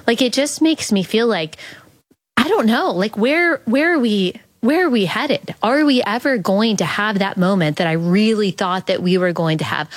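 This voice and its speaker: A woman's voice: mid-range voice, dry recording. A woman in her thirties, talking earnestly and thoughtfully in an interview, with lots of "like" fillers. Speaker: podcast guest. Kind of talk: reflective interview talk.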